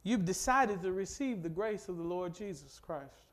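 A middle-aged pastor from Mississippi, preaching with call-and-response that swells from low and quiet to loud and fervent. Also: male voice, lively intonation, moderate pace. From Mississippi, USA. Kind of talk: sermon.

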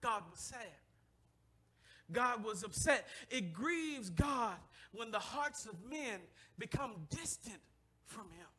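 High, bright-voiced preaching man. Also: animated, slow pace, breathy edge. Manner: impassioned preaching, swinging from shouts to hushed near-whispers; calls on the congregation to respond. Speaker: pastor. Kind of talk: sermon. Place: church service, streamed live.

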